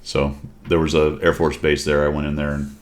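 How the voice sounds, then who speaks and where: A man with a very deep voice hosts a casual stream chat. He tells stories at an unhurried, laid-back pace. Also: little pitch movement. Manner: laid-back anecdotal storytelling. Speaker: streamer host.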